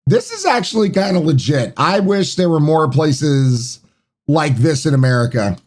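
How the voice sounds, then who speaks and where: A man's voice: a little high, sing-song, moderate pace. A man hosting a live stream, chatting casually and greeting viewers by name. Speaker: streamer and podcast host.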